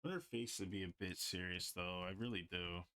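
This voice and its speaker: A man livestreams while drawing, chatting casually and rambling with heavy use of "like." His voice is low-pitched and sharp in tone, at a moderate pace.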